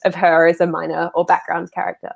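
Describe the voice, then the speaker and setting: A woman with a lower voice hosts a livestreamed talk with a friendly, chatty manner. Her voice comes through a video call mic. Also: completely flat delivery, quick pace, vocal fry, breathy edge. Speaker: event host.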